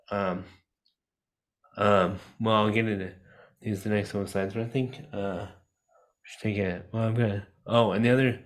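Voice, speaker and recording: A man teaching a class on a video call, talking loosely with lots of fillers and restarts. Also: on the low side. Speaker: disability advocate teaching a class. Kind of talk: casual online lecture.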